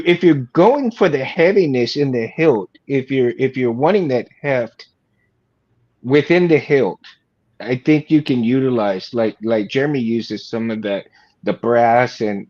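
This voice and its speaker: Man, unhurried, lots of ums, slightly dull call audio, casual livestream chat. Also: medium pitch, a little mellow. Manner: hesitant, many fillers. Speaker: lightsaber maker. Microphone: video call.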